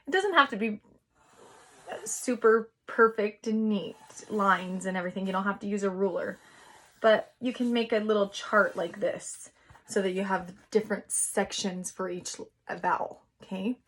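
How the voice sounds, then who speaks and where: A woman teacher giving a recorded lesson to young children, patient and encouraging, sounding out words slowly. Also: mid-range voice, a bit bright.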